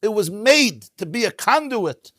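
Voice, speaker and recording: A man teaching a Torah class as a rabbi, in an animated, emphatic way, sprinkling in Hebrew terms. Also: high-pitched, measured pace, no room sound, studio quality. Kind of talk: lively Torah lecture. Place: synagogue.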